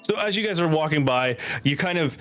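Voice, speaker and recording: A man running a tabletop game as dungeon master, narrating with many pauses and fillers. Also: fairly high pitch, lively intonation, a bit bright, soft background music.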